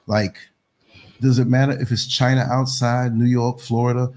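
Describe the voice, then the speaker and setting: A man's voice: mid-range voice, moderate pace. Laid-back American man in his fifties. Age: 50s. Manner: relaxed, rambling, frequent laughs. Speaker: podcast host. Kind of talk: casual conversation.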